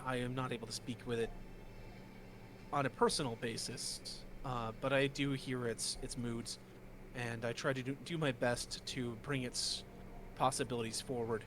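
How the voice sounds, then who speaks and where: A man voicing a calm, wise woman who hears the land's spirits, speaking in a gentle, measured way over a noisy home mic. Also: mid-range voice, natural voice.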